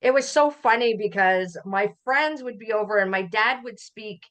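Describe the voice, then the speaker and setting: A middle-aged Canadian woman, a podcast guest, telling family memories in a relaxed conversational way, often laughing as she recalls. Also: mid-range voice, normal speed. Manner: warm storytelling, laughs while recalling. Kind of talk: conversational interview.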